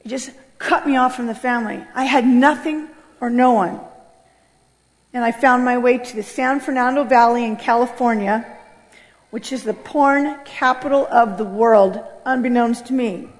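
A middle-aged American woman telling her life story as a personal testimony, earnest and swelling with emotion. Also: high-pitched. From United States. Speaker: speaker giving a testimony. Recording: voice with long hall reverb.

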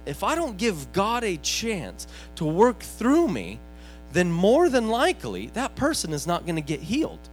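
A man preaching, telling a healing story with lively swings between excited bursts and hushed, quiet retelling. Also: high-pitched. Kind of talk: storytelling sermon.

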